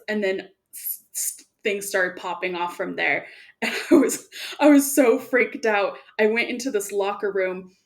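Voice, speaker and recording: A woman co-hosting a casual chat, telling animated gameplay stories and laughing often. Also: mid-range voice. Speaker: podcast co-host.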